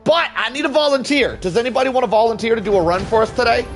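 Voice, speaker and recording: A man hosting a live game stream and chatting with his viewers in a loud, excitable, joking way, swearing freely. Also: extremely high pitch, fast, soft background music. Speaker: livestream host. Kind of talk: casual live gameplay commentary.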